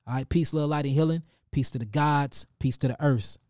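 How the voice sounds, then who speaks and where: A middle-aged man with a St. Louis accent hosts a casual livestream, giving animated, preachy shout-outs and calling his listeners family. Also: on the high side, brisk, dry recording, studio quality. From St. Louis, Missouri. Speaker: livestream host and healer.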